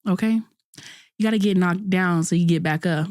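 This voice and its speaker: A woman's voice: on the low side, moderate pace, a little mellow, dry recording, clean studio sound. A young woman in her twenties hosting a podcast, talking through a candid, self-critical monologue in casual slang with frequent restarts. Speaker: podcast host.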